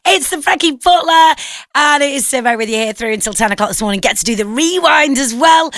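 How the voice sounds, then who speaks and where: A young woman presenting breakfast radio in an upbeat, chatty way with quick asides, close on a studio microphone. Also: sits high, animated, fairly bright tone, no room sound.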